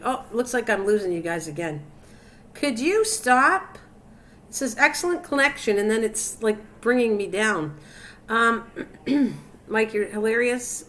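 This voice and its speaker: A woman's voice: medium pitch, a bit bright, slight background noise. An older woman hosting a cooking live stream, chatting casually and teasing her viewers by name. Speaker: cooking channel host.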